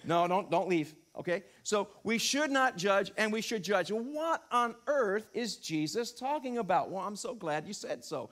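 A middle-aged man preaching a sermon in a church, animated, with emphatic peaks and rhetorical questions. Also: high-pitched, normal speed, hardly any pauses. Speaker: pastor. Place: church sanctuary.

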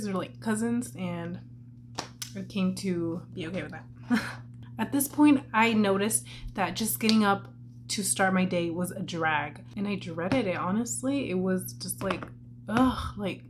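A woman's voice: mid-range voice, noisy background. A young woman talking candidly and chattily in a casual makeup vlog while she tells a personal story, filling her talk with "like". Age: young adult. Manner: candid and chatty, many "like" fillers. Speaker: vlogger.

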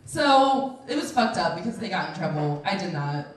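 A woman in her twenties telling a true personal story on stage, animated and laughing, acting out the voices of the people in it. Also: lowish voice, normal speed. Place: event room, audience. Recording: very echoey room, voice from a distance.

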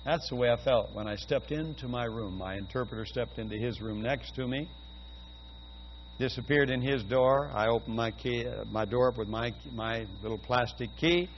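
An older man preaching a sermon, telling a personal story and building to loud, fervent exclamations. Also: medium pitch. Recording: dull lo-fi audio with faint hum.

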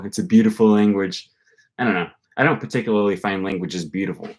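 Young male host, slightly low voice, loose rambling livestream chat, thinks out loud. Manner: rambling, thinking aloud with many fillers. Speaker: language-learning channel host. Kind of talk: casual livestream talk answering comments.

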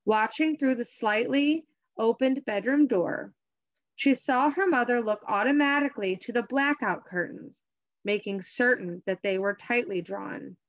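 A woman's voice: a little high, a little slow. Woman teacher reading aloud. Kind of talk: online reading lesson. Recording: dull lo-fi recording.

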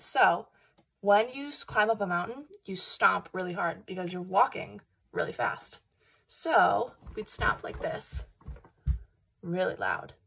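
A woman reads a Bible story aloud to children with a soft, slightly husky voice. Her delivery is lively and encouraging, and she stops often to ask the kids questions. Her pitch sits in the ordinary middle range.

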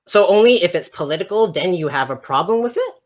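A man's voice: sits high, lively intonation, fast. Male stream guest, argumentative, stuttering restarts, keeps pushing the same question. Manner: argumentative, repetitive, stammering. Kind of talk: heated live-stream debate.

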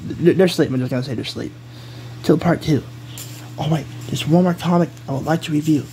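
A man's voice: on the high side, brisk, mellow, slight background noise, poor audio. A man casually telling a made-up hero story, giggling and rambling, often breaking off mid-sentence.

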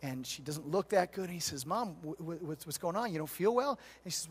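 A middle-aged man preaching a sermon as a pastor, telling stories and swinging between loud, emphatic stretches and hushed, tender ones. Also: fairly high pitch, expressive, brisk, breathy edge. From United States.

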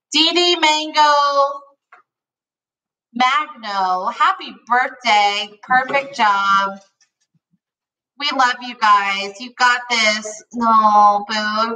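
A woman's voice: on the high side, pushed and bright, distant mic. A woman co-hosting a casual fan live stream, bubbly and gushing as she reads out names from the chat. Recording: echoey room, voice off-mic.

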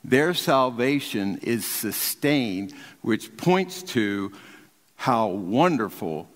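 An older man, a pastor preaching an emphatic sermon from the pulpit, swinging between raised and hushed delivery. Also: mid-range voice, lively intonation, very slow, in a large hall. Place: large church sanctuary.

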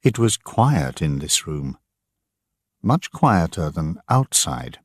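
Man, audiobook narration for English learners, slow, clearly enunciated, husky, dry sound. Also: rumbling low, big pitch swings, no room sound.

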